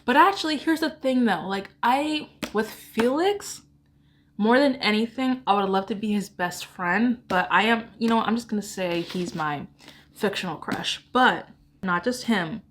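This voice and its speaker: A woman talks casually into a camera indoors, chatting as a book vlogger. She rambles, giggles and pokes fun at herself. Her voice sits at an ordinary middle pitch. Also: lively intonation, normal speed, fairly bright tone. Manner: rambling, self-deprecating, giggly. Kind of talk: casual chat.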